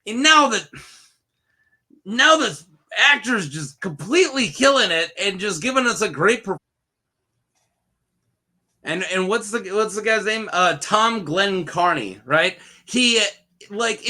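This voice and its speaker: A young man with a high, bright voice talks through a TV episode in a loose, rambling solo review. He jokes constantly and laughs often at his own asides. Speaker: show reviewer. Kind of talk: casual solo review chat.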